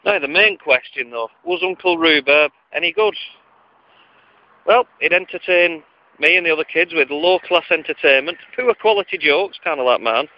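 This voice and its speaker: A man's voice: on the high side, dry recording. A man telling a comic story from his childhood in a wry, digressive, self-mocking way, on a lo-fi recording.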